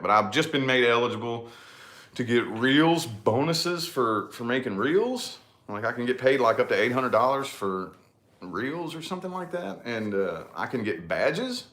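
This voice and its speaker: A man's voice: medium pitch, expressive, moderate pace, pushed and bright, roomy sound. A man chatting casually to his viewers, emphatic and repetitive, swearing freely. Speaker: YouTuber and channel host. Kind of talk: casual chat to camera.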